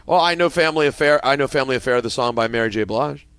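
A man hosting a sports talk radio show, animated and jokey as he steers the banter. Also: mid-range voice, fast talker, smooth, dry recording. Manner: animated, jokey, leads segments. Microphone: studio microphone.

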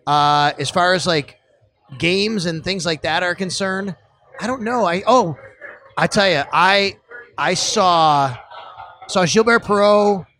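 Animated middle-aged new guy telling stories on a podcast, kinda high voice. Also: slow. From Buffalo area. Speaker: podcast guest. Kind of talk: casual storytelling chat.

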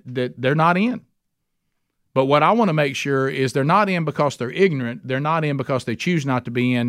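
A man leads a Bible study with a fairly high voice, speaking earnestly and with folksy plain talk. The sound is close and dry, with no room around it. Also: a bit bright, dry recording. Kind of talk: conversational sermon teaching.

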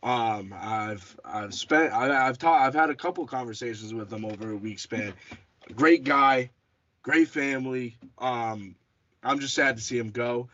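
Hosting a casual sports podcast, a man chats with a medium-pitched, sharp-toned voice at a measured pace. He often restarts and corrects himself, and the audio is dull and lo-fi.

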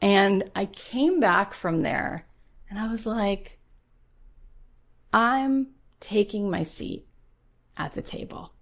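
A middle-aged woman podcast host giving a motivational talk, telling a story softly and then urging listeners on with rising intensity. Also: lowish voice. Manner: storytelling, soft and hushed at first, then rising to urgent, pleading exhortation.

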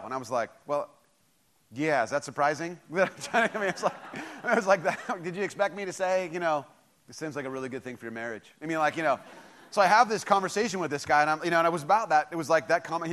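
A man preaching a sermon, telling a story and acting out both sides of a phone call, then dropping to a low, quiet intensity for key points. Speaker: pastor.

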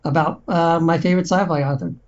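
A man's voice: on the high side, steady tone, fast talker, muffled recording. A man from Texas, an author, chatting as a podcast guest in a friendly, rambling way with many fillers. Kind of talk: casual interview chat.

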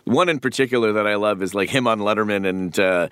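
A man's voice: on the low side, fast talker, clear, resonant tone, no echo, clean studio sound. A middle-aged man and voice actor, chatting animatedly in an interview and slipping in and out of character voices. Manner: animated, slips into character voices mid-sentence. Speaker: voice actor guest. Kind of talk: casual interview chat.

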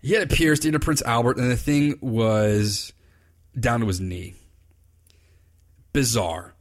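Recorded on a computer, this solo podcast features a fly fishing consultant speaking a little slowly at medium pitch. He chats casually, spinning long, rambling stories with plenty of enthusiasm.

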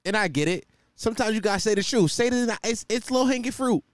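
A man's voice: high voice, fast talker, no room sound. A man hosting his own podcast, riffing in a joking, profane, rambling way from a hot room at home. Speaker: podcast host. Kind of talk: casual comedic monologue. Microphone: desk microphone.

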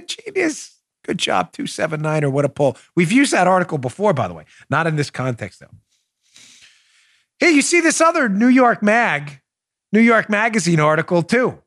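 A man hosting a political podcast, talking in a sarcastic, mocking way with loud bursts and muttered asides. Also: sits high, huge pitch swings, moderate pace, no room sound, studio quality. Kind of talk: opinionated solo commentary.

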